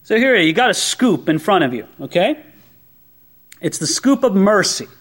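A man preaching a sermon as a pastor, conversational and animated, with many rhetorical questions. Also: high-pitched, normal speed.

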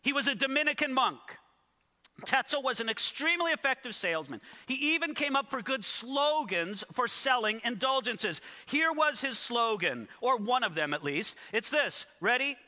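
High, bright-voiced man preaching in a hall. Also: moderate pace. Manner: animated storytelling with asides to the audience. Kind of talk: sermon. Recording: echoey hall.

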